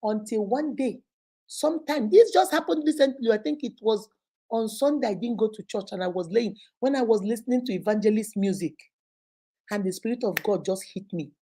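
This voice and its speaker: A middle-aged Nigerian woman, a teacher and host, giving an animated, preachy motivational talk sprinkled with Igbo phrases. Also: a little high, fairly quick, breathy edge.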